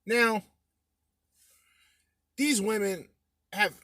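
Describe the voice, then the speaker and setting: A man's voice: sits high, drawn-out words, sharp tone, no room sound. Brash, swearing male podcast host. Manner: brash, swearing, bantering with listeners. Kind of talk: casual podcast commentary.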